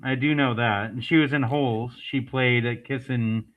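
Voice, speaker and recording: A man's voice: medium pitch, fairly even intonation, moderate pace. Laid-back man, dull lo-fi sound. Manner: laid-back, joking, many fillers. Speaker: podcast co-host. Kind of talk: casual movie chat.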